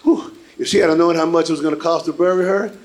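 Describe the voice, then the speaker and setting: A man performing a stand-up comedy set on a club stage, animated and shouting his punchlines. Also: fairly high pitch, fast. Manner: animated, loud punchlines, slips into voices for characters. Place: comedy club stage before a live audience. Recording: live stage mic with crowd laughter.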